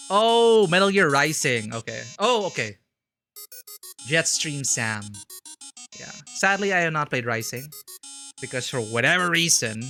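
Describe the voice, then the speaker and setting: A chatty male streamer with a bright, expressive voice that lifts and falls readily. He talks casually to his chat while reading game text aloud, with soft music underneath. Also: mid-range voice. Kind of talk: casual live-stream commentary.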